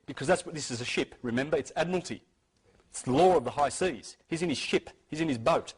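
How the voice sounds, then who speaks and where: A man's voice: mid-range voice, fast, husky, low-quality recording. A man giving an informal lecture to an audience, talking emphatically and insistently, often restarting and repeating words. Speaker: speaker giving a talk.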